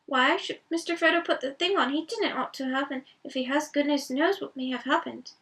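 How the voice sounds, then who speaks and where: A woman's voice: high-pitched, brisk, a bit bright, distant mic, pitched above the performer's own voice. A woman reading as Sam, a fretful loyal hobbit. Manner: earnest, rustic, fretful.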